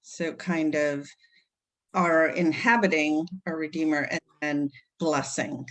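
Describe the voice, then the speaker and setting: Woman in a class, low voice, slow, thinking out loud. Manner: tentative, thinking aloud. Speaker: class participant. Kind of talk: class discussion.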